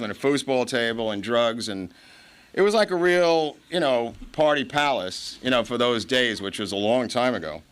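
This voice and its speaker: A man's voice: mid-range voice, fairly bright tone. A middle-aged man speaking at a recovery meeting, telling his own story in a rambling way, with asides and chuckles. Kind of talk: personal story told at a meeting. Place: meeting hall before an audience.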